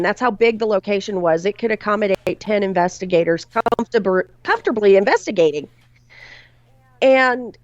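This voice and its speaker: A woman recounts a haunting from her investigations, dropping her voice low on the chilling details. The recording is dull and lo-fi, with a dry, close sound. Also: no echo. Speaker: paranormal investigator guest. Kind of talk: storytelling in a podcast interview.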